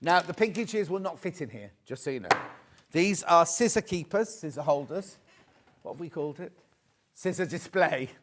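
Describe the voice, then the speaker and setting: A man's voice: fairly high pitch, expressive, normal speed, a little hiss or hum. A man presenting on a live shopping channel, chatty and rambling with joking asides.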